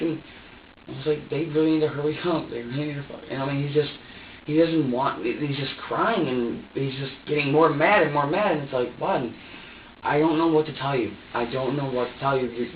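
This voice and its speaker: A man's voice: a little high, distant mic, slight background noise. Man in an echoey interrogation room. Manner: rambling, repeating himself, acting out his own words. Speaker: suspect under interrogation. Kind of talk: recounting events to detectives. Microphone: far room camera. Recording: echoey, dull room recording from afar.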